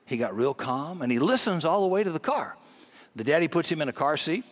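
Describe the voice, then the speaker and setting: A man preaching a sermon, emphatic and folksy, with loud peaks on key points and casual asides. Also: fairly high pitch, very animated, fairly quick. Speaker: pastor.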